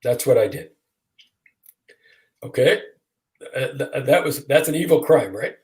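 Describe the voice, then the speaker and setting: A man's voice: mid-range voice, expressive, measured pace, darkish tone. A man in his sixties from Michigan, a guest attorney telling a story with self-deprecating humor over a video call. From Michigan, USA. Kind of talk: storytelling in a casual interview.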